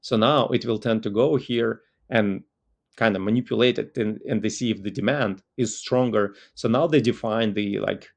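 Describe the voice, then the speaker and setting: A man's voice: fairly low pitch, normal speed, creaky. A man with a Russian accent giving a loose, conversational talk on market analysis as a trading educator, full of "like" fillers.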